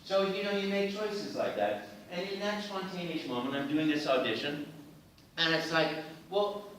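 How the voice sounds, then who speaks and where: A man shares stories at a fan event, with expressive, animated delivery and plenty of "you know." His voice sits a touch high and sounds bright. The mic is far off in a reverberant hall with faint ambience behind him. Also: normal speed, slight background noise. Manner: expressive, frequent "you know" fillers, acts out quotes. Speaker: voice actor guest at a fan event. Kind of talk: animated storytelling. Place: large indoor venue.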